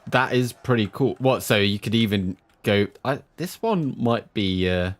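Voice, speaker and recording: A man streaming a strategy game, chatting with viewers between sudden excited outbursts. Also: fairly low pitch, a little slow. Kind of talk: live gameplay commentary.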